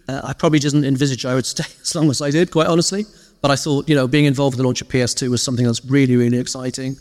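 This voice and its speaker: A man as an interview guest, casually telling animated stories and acting out quoted lines. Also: mid-range voice, very fast, big-room sound. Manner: lively storyteller, animated quoted asides. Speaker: interview guest, former games PR director. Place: live event stage.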